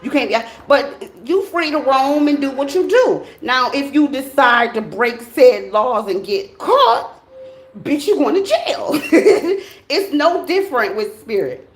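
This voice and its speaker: A woman's voice: high-pitched, expressive, a little slow, reverberant, a little hiss or hum. An American woman giving a casual tarot reading, talking bluntly and animatedly, with plenty of slang and swearing. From United States. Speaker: tarot reader.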